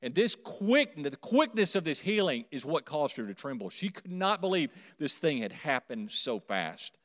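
A man's voice: a little high, big pitch swings, moderate pace. Preaching man in a reverberant church. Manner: preaching with swings from quiet to loud, calls congregation to repeat. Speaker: pastor. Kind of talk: sermon. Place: church sanctuary. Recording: long hall reverb.

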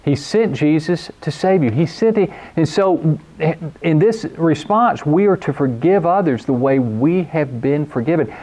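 Earnest male preacher, mellow tone. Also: fairly high pitch, lively intonation, unhurried. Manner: earnest preaching, quotes scripture, emphatic repetition. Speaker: pastor. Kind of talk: sermon.

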